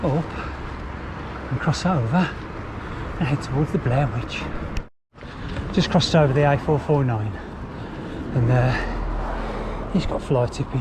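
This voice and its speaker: A man's voice: medium pitch, measured pace, pauses often. A man chatting and swearing freely as he rides trails, filmed on a bike camera. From England. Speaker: mountain biker vlogger. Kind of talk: casual spoken commentary while riding. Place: outdoors on country trails. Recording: outdoor camera mic with noticeable wind and traffic noise.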